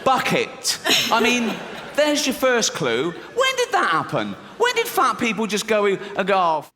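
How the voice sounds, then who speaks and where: A man's voice: very high voice, huge pitch swings, unhurried, a little hiss or hum. A man performing a brash stand-up comedy routine, swearing and laughing through his punchlines. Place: large theatre stage. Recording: roomy hall with loud audience ambience.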